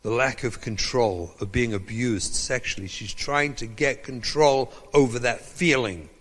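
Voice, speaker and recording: A man's voice: medium pitch, a little slow, big-room sound. A man, a rabbi, giving a lecture and telling stories, acting out the dialogue in them. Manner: animated, acts out dialogue from his stories. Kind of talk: lecture with storytelling.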